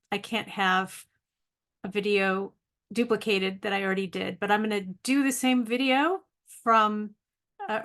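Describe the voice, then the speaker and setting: A woman's voice: medium pitch, a bit bright. A middle-aged woman, a native English speaker, talking casually to camera in a video diary, chatty and self-deprecating with frequent ums. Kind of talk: casual vlog monologue.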